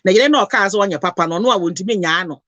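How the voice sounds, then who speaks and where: A woman's voice: medium pitch, fast talker, fairly bright tone, no echo. A Ghanaian woman talking passionately, mixing Twi and English in an emotional, preachy lecture. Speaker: host.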